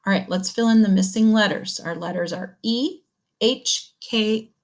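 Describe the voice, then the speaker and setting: A woman teaching young children to read, slowly sounding out words and praising them. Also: mid-range voice. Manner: slow, encouraging, sounding words out. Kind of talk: early reading lesson for young children.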